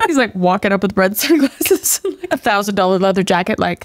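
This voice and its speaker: A woman hosts a reaction video in a casual, animated and joking way. Her voice sits in the middle range. It is recorded dry, with no room sound. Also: mid-range voice, fairly quick, no room sound. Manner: animated and joking, with frequent laughs and exclamations.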